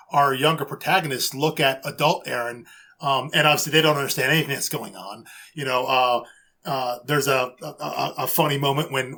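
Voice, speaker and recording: Bright-voiced man, halting podcast chatter. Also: medium pitch. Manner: halting, many repeated words and fillers. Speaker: podcast co-host. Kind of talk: casual podcast discussion.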